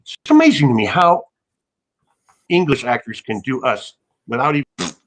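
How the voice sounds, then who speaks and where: An American man, an actor guest in a casual interview, telling rambling, self-mocking stories with bursts of loud laughter. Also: medium pitch, sing-song, moderate pace, low-quality recording.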